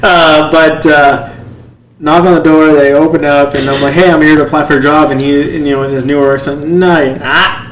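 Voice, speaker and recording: Guy in his 30s telling a story on a podcast, slightly high voice, doing little voices for people, faint hiss behind. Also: brisk, roomy sound, poor audio. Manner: animated storyteller, acts out quotes in other voices. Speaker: podcast co-host, first responder. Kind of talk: casual storytelling.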